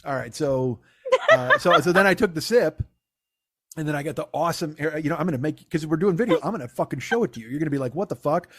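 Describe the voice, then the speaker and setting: A man's voice: a little high, expressive, fast talker, fairly bright tone, no echo, clean studio sound. A middle-aged man hosting a comedy podcast, telling a rambling, profane story and laughing often. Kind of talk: casual storytelling.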